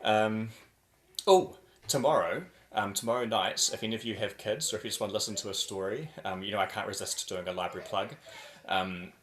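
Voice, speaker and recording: A man leading a choir warm-up over a video call, playful and over the top as he chants drills. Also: on the low side, fairly quick, roomy sound.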